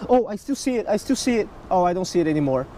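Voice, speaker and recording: A man narrating his own fishing vlog outdoors at a creek, excitable, talking to himself and the fish and shouting when he gets excited. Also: high voice, fast, noisy background. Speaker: fishing vlogger.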